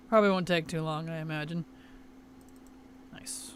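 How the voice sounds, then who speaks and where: A man's voice: fairly high pitch, slight background noise. A man streaming a video game, chatting casually in an offhand, mumbly way and letting his sentences trail off. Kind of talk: casual gaming chat.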